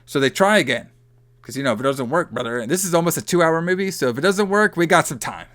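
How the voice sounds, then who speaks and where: A man's voice: a little high, animated, fast talker, a bit bright. Rambling man recapping a film. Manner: loose, rambling, heavy on fillers like "like" and "you know". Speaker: podcast co-host. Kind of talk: casual movie recap chat.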